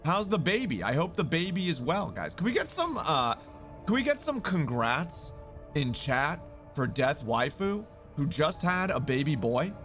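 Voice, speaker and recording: A young man chatting live to his stream, his voice loud, excitable and full of swearing. His pitch sits a little high and jumps all over the place. Faint music plays behind him. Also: measured pace. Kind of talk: casual live-stream chat.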